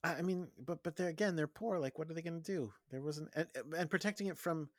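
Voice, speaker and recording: An animated man chatting through a film recap on a podcast, his voice sitting a bit high for a man. He jumps into little put-on voices for the characters. The sound is close and dry, with no room around it. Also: no room sound. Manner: animated, acts out characters' lines in quick voices. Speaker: podcast co-host. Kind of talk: casual movie recap chat.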